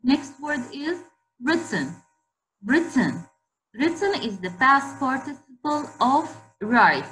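Slow, repetitive woman teacher. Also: sits high, big pitch swings, fairly bright tone, poor audio. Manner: slow, repeats each word, asks questions to the class. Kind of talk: online spelling lesson.

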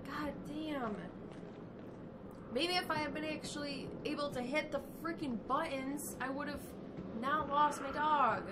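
A woman playing a horror video game and commenting on it casually, reacting emotionally with shouts and quiet, sad muttering. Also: sits high, measured pace, very noisy. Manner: emotional, swings between shouting and sad mumbling. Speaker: let's play gamer.

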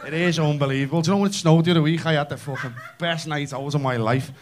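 A Scouse man in his thirties working a comedy club crowd with a stage mic. His voice sits high for a man, and he races through his stories with brash, sweary energy. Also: slight background noise. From Liverpool, England. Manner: brash, sweary, fast storytelling. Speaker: stand-up comedian. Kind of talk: stand-up comedy.

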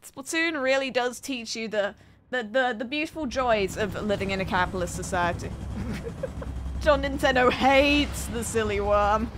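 Speaking a little slowly in a higher-pitched voice, a woman playfully narrates her game stream, laughing a lot and cursing at what's on screen. The audio is poor, with some hiss or hum and game music in the background.

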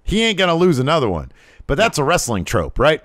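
A man co-hosting a podcast, casually recapping a wrestling show and breaking into loud, exaggerated impressions when he quotes the wrestlers. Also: a little high, wildly swooping pitch, a little fast, dry recording, clean studio sound. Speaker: podcast co-host.

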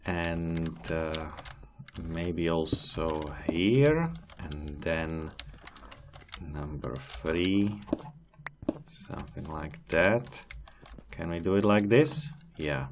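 An unhurried man with a somewhat low voice chats his way through a game session, coaxing animals along in an amused tone. Faint keyboard clicks and typing sit behind his desk-mic audio. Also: a little hiss or hum. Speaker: gaming channel host. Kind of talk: casual gameplay commentary.

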